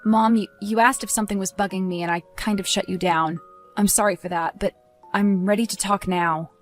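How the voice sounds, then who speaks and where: A woman voicing a stressed teenage high school boy who talks tensely and pleads, then snaps into anger. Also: steady tone, brisk, faint music behind, close to an everyday voice. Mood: earnest.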